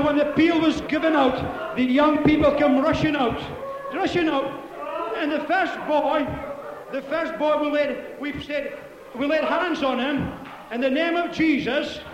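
Fervent preacher man, very high voice. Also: roomy sound, in a large hall, dull audio, background noise. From Scotland. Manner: fervent, storytelling, frequent shouted hallelujahs. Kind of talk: Pentecostal sermon.

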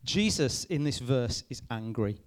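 A man, a youth pastor giving a lively talk to a youth group, checking in with them often. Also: mid-range voice, unhurried. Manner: lively, addresses the group with frequent "okay?" checks. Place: room with a live youth audience.

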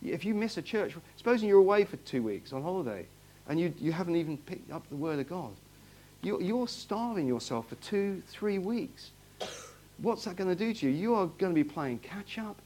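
A pastor preaches a sermon to his congregation in a church hall, keeping it conversational, asking them questions and often repeating himself. His high voice is sing-song and darkish in tone, at a normal speed.

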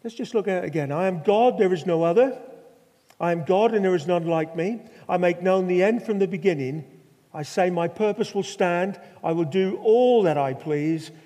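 High-voiced older man preaching in a hall. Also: normal speed, dark tone. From Norfolk, England. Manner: storytelling, rhetorical questions. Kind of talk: sermon. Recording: long hall reverb.

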